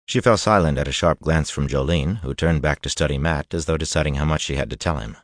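A man narrating a fantasy audiobook in steady, even scripted storytelling. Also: rumbling low, fast talker, dry recording, clean studio sound.

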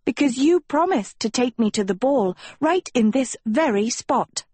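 A proud teenage girl speaks in a high, sing-song, coaxing tone, as a woman reads her. The voice has a husky edge, set close and dry. It is an audiobook character voice. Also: animated, unhurried, a little mellow, no room sound. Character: scheming proud teenage girl, sweetly menacing.

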